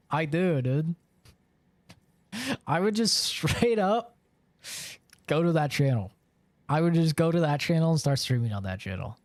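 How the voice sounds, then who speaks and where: A man's voice: a little high, no echo. Rambling, chatty man streaming live. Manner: rambling, filler-heavy, chatty. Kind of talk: casual live-stream chat.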